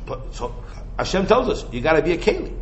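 A high-pitched man delivering an animated Torah lecture. He keeps asking his listeners rhetorical questions and drops Hebrew and Yiddish terms into casual English. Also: a little fast, muffled recording, slight background noise. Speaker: rabbi teaching Torah.

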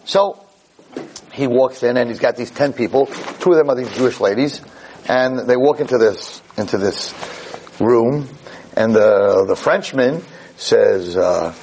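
A man giving a Jewish lecture, telling a story in an animated, digressive way. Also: medium pitch, measured pace, a little hiss or hum, poor audio.

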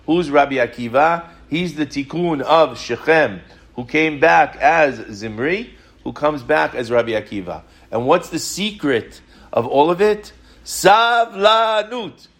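A man teaching a Torah class, telling stories in an animated way and asking many rhetorical questions. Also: fairly high pitch, a little slow.

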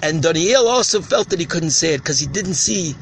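A man with a Yeshivish English accent and Ashkenazi Hebrew vowels delivers a sermon as a rabbi, his voice pitched high. He tells stories with passion, breaking into shouted cries as he acts out the scenes. Faint noise sits behind the voice. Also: expressive, a little fast, poor audio. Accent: Yeshivish English with Ashkenazi Hebrew pronunciation.

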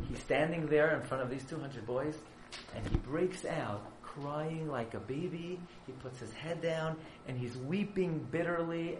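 A man who is a yeshiva rabbi, telling a story as a sermon, dramatic and surging from hushed to loud. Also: mid-range voice, roomy sound, background noise.

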